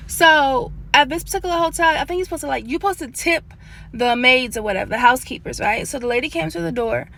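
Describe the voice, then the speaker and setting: A young woman talks straight into her phone, casual and chatty, calling her viewers y'all. Her voice sits high and comes across bright and forceful. It sounds like a phone mic held up close. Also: fast, creaky. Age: late 20s. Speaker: storyteller. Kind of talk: casual spoken storytime. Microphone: handheld phone.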